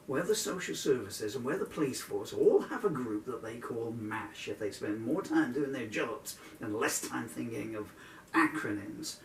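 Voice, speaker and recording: A man's voice: medium pitch, reverberant, far from the mic, a little hiss or hum. A man in his sixties talking in a rambling, digressive way between songs, growing indignant as he goes. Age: 60s. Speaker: singer-songwriter.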